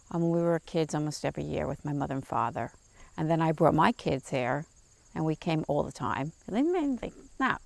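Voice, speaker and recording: A woman sharing an emotional childhood memory, halting and choked up at times, in a documentary interview. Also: deep voice, creaky, a little mellow, no echo. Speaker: former visitor, now a parent.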